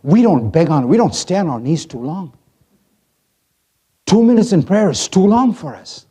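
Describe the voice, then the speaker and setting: A man delivers a sermon in a husky, rather high voice. His pitch leaps and falls as he moves between hushed asides and loud acted-out lines. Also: normal speed. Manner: animated, swings from hushed to loud, acts out voices. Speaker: pastor.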